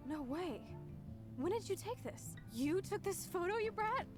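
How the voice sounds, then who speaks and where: A woman's voice: very high-pitched, lively intonation, a little slow. An actress voicing a brash, rebellious teenage girl in a video game, with a blunt, teasing way of talking. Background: game music.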